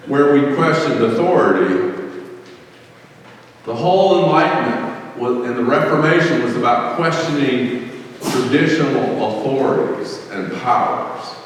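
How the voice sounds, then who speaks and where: A man's voice: a little high, slight background noise. A male pastor delivering a sermon, full of rhetorical questions and rising fervor. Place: church sanctuary. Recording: echoey church hall from far off.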